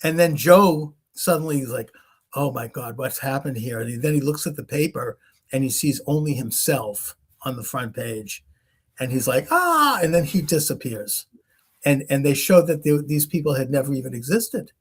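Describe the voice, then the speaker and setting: A man hosts a talk show in a mid-range, husky voice at a moderate pace. In casual conversation he rambles through stories, acting out the voices of the people he quotes.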